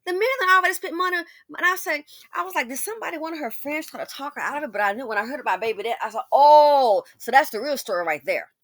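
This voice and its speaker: A woman's voice: sits high, animated, racing, hardly any pauses, sharp tone, no echo, clean studio sound. A woman hosting a casual commentary, talking straight to her listener in a sassy, outspoken way. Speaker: commentary channel host.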